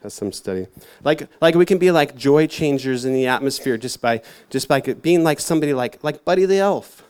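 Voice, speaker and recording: A man's voice: mid-range voice, animated, fairly quick, hardly any pauses, a little mellow, clear, resonant tone. A man giving a casual, rambling sermon to a youth group, full of fillers and self-mocking asides. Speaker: youth church speaker.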